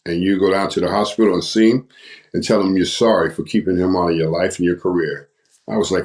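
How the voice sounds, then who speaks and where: A man's voice: low voice, fairly even intonation, fast, darkish tone. An older man giving his testimony as a podcast guest, speaking in a preacherly, repetitive and emphatic way.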